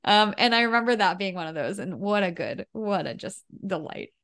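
A woman's voice: medium pitch, lively intonation, a little fast, fairly bright tone. A woman co-hosting a podcast, chatting casually and laughing often between remarks. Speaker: podcast co-host. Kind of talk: casual chat.

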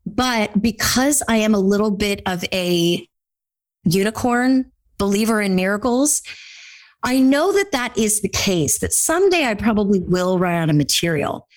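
A woman's voice: mid-range voice, expressive, a little slow. A woman from California, a podcaster and speaking coach answering audience questions in an upbeat, blunt, jokey way. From Orange County, California. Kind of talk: lively live Q&A chat.

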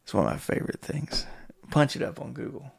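With lively intonation, the podcast host talks a little quickly in a medium-pitched voice that's creaky and slightly rough. His solo monologue is loose and casual, drifting across tangents with plenty of profanity and chuckles.

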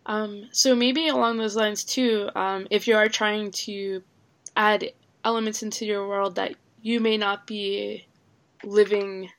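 A woman's voice: mid-range voice, flat delivery, takes it slowly, fairly bright tone. A woman moderating a tabletop gaming podcast, asking questions in a hesitant way with many fillers. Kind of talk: casual discussion about tabletop game mastering.

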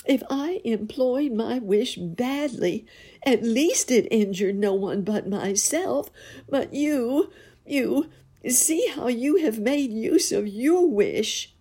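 A woman reading a storybook and voicing a shrill, wailing old peasant wife. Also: big pitch swings, slow, warm tone, breathy edge, heavily acted. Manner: wailing, indignant.

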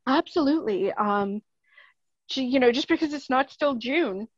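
A woman's voice: high voice, expressive, moderate pace, no room sound, highs cut off. A woman with a Canadian accent, speaking as a podcast guest in casual, earnest, rambling chat, laughing often.

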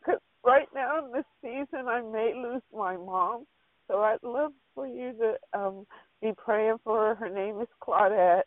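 A woman's voice: on the high side, unhurried, no room sound. A woman calling into a prayer line, earnest and heartfelt. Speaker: caller. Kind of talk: casual prayer-line chat. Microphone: phone. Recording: dry tinny phone line.

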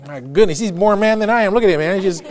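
A man's voice: sits high, fast. A male pastor preaching a conversational sermon, laughing often and acting out quotes.

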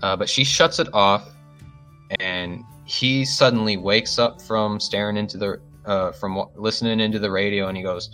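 Bright-voiced man running a tabletop game. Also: fairly low pitch, steady tone, moderate pace, faint music behind. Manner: casual, filler-heavy narration. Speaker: game master.

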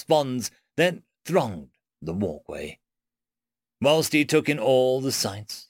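Man, sci-fi story narration, lively swinging pitch, dry close sound. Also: no room sound. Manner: expressive reading with shifting tones. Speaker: story reader. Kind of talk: scripted narration.

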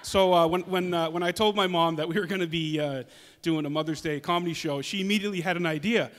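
A man's voice: a little high, fast, a bit bright. A man in his thirties doing a stand-up comedy set, chatty and self-deprecating with some hesitations. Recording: long hall reverb.

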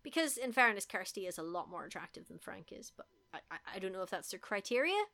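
A woman's voice: mid-range voice, very animated, quick pace, gravelly, pushed and bright. Chatty woman co-hosting a podcast. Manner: chatty, rambling, dry humour. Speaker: podcast co-host. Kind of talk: casual chat.

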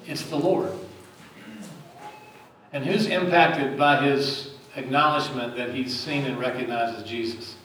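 A man's voice: medium pitch, fairly even intonation, normal speed, few pauses, fairly bright tone, slight background noise. Man preaching in a very echoey hall. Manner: conversational, asks the congregation questions. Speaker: pastor. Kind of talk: sermon. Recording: very echoey, distant mic.

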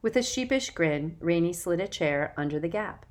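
A woman narrating a children's novel in a measured, expressive way. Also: lowish voice. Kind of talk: audiobook narration.

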